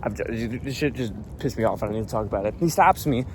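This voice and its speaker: A man's voice: mid-range voice, lively intonation, fast, a little hiss or hum. A young man telling a travel story as a casual vlog rant, profane and annoyed, rambling with lots of fillers. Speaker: vlogger.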